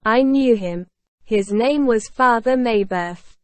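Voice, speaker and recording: A woman's voice: fairly high pitch, takes it slowly, no echo. A wry young student confiding, as a woman reads him.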